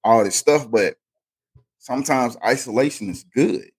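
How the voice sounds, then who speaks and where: A man's voice: medium pitch, unhurried, breathy edge. A man co-hosting a faith podcast, talking in an emphatic, preachy storytelling way. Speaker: podcast co-host. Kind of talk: casual faith podcast chat.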